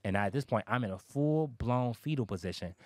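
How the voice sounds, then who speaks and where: A man's voice: mid-range voice, expressive, brisk, darkish tone, no echo, studio quality. A man in his thirties telling his life story in a casual interview, candid and emphatic, swearing freely.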